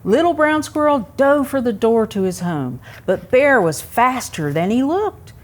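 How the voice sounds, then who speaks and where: A woman reading a picture book aloud to young children at a museum story time, pausing to ask them questions. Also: a little high. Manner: asks young listeners questions, expressive.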